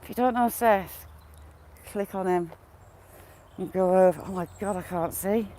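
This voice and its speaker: An English woman with a mixed regional accent chats on a cold countryside walk. She hosts a relaxed livestream and greets viewers by name between remarks. Her voice sits at an ordinary middle pitch for a woman, recorded on a handheld phone. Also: unhurried. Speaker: livestream host. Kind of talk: casual walk-and-talk livestream.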